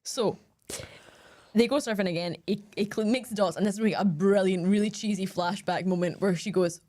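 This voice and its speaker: A woman co-hosting a podcast about films, talking casually and at length. She retells scenes in an animated, joking way and laughs often along the way. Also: medium pitch, brisk. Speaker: podcast co-host. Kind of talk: casual film chat.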